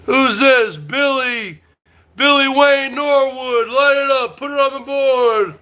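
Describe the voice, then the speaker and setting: A man from North Jersey with a New Jersey accent, hosting a livestream and ranting loudly at chat, taunting and swearing and repeating himself, with frequent high whooping shouts. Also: slow. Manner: loud, combative, profane, repetitive taunting. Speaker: livestream host. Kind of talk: rowdy livestream rant to chat.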